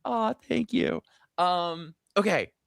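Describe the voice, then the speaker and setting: This middle-aged live-stream host takes his time and sounds creaky as he chats through a long, gossipy story, his voice leaping up in pitch when he's excited. It's a dry recording with clean studio sound.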